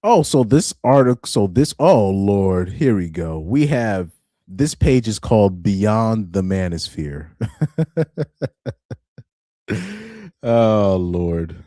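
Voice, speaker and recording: A young man talks slowly and casually through a live reaction stream, often laughing and stumbling over repeated words. His voice sits low and sounds dark and mellow. The recording is dry and close. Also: animated, no echo. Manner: laughs often, repeats himself, stammering restarts.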